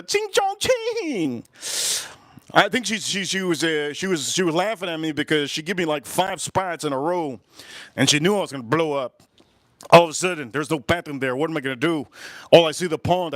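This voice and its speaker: Animated man telling a story. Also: a little high, dry recording. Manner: animated, repeats phrases for emphasis. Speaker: live stream host. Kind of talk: animated storytelling during live grilling stream. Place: at a charcoal grill.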